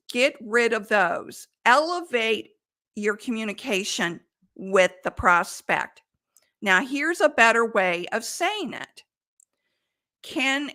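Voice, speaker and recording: A woman sales coach giving advice in an emphatic, deliberate way. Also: sits high, bright, forceful tone. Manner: emphatic, deliberate delivery with quoted examples. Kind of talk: coaching monologue.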